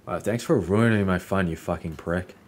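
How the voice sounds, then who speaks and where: A man's voice: low voice, normal speed, slight background noise. A man giving casual gameplay commentary, sarcastic and mock-polite, swearing often as he plays. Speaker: gaming YouTuber.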